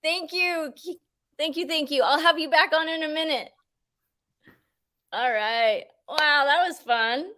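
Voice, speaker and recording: Lady hosting a live show, slightly high voice, super enthusiastic, laughs a lot. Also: measured pace, long pauses, sharp tone. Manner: effusive, enthusiastic, laughs often. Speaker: show host. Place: outdoors near a mountain.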